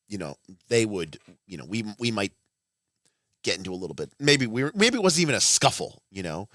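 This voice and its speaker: Man, thirties, low-pitched, rambling livestream host, blunt and profane, dry close sound. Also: big pitch swings, fairly quick, fairly bright tone, no room sound. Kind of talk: casual livestream chat.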